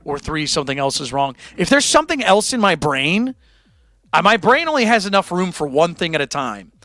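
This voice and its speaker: A man's voice: high voice, very animated, fairly quick, pushed and bright, no room sound. A man hosting his own music livestream, chatting candidly and self-deprecatingly with his audience in a rambling way. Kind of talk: casual chat to a live audience.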